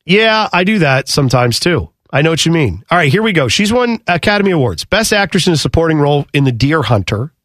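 A man co-hosting a casual chat show, rambling and animated, often jumping higher when flustered. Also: a little fast, hardly any pauses, no echo, clean studio sound. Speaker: podcast co-host.

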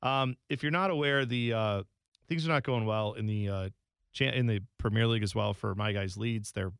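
A man's voice: lowish voice, normal speed, vocal fry, clear, resonant tone, no room sound, studio quality. A man co-hosting a soccer podcast in casual chat, telling stories and slipping into goofy voices. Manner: animated storyteller, does goofy voices for others. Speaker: podcast co-host.

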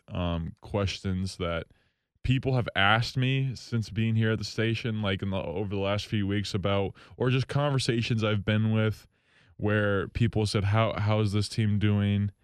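A man hosting a solo hockey talk show from a station studio, rambling, excitable and jokingly bitter. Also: lowish voice, clean tone, no room sound. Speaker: hockey podcast host.

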